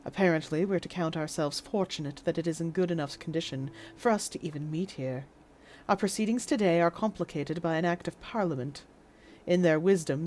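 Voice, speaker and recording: A woman's voice: low-pitched, slight background noise, voice pushed down, close to an everyday voice. A woman voicing a stern, pompous courtroom judge in an attempted received pronunciation accent. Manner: stern, formal, commanding.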